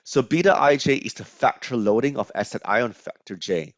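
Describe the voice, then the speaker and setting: A man's voice: medium pitch, a little fast, no room sound. A man lecturing on finance over slides, explaining step by step with frequent fillers and restarts. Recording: dry, slightly dull lo-fi audio.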